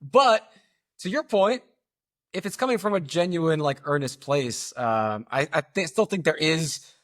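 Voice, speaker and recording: A man's voice: fairly high pitch, animated, unhurried. Talkative man co-hosting a podcast. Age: late 30s to early 40s. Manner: thinking aloud with many fillers. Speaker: podcast co-host. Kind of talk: casual opinion chat.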